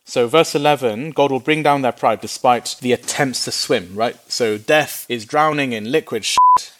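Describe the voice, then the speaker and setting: Lively humorous man preaching. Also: medium pitch, normal speed, a little hiss or hum. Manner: lively, humorous, acts out voices in quotes. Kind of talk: sermon Bible teaching.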